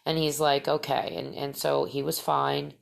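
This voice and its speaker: A middle-aged woman with a low, gravelly voice, chatting through a personal story as a podcast host. She rambles, doubles back and fills her pauses with little fillers. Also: flat delivery. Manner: rambling, many fillers and restarts.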